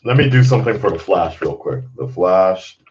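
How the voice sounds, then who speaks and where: A man in relaxed stream chat with a low voice that swings up and down a lot as he rambles and cusses. The sound is dull and a little lo-fi. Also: normal speed, slight background noise. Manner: rambling, laughs often, swears freely. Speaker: channel host. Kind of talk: casual livestream chat.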